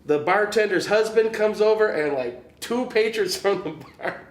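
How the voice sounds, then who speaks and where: A man's voice: high-pitched, expressive, moderate pace. A male guest musician telling gig stories in a casual, rambling way, full of "you know" fillers and chuckles. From Chicago area, US. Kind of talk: casual storytelling. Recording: roomy echo.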